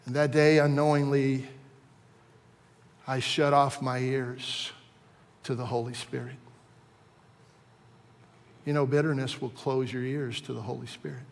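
A man from Virginia preaching a sermon as a pastor, telling a personal testimony that swings from hushed to impassioned. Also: medium pitch, flat delivery, measured pace, gravelly, long pauses, big-room sound. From Virginia, USA.

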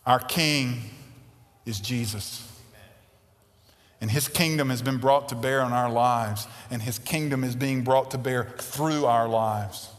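A man preaching a sermon, swinging between forceful emphasis and hushed, intimate lines. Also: mid-range voice, slow pace. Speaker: pastor. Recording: reverberant hall.

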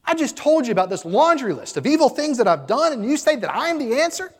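A man's voice: very high-pitched, sing-song, quick pace, slightly rough, big-room sound, pitched above the performer's own voice, exaggerated voice. A man playing a terrified, irate old man who is dying and demands real answers. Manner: angry, demanding, loud.

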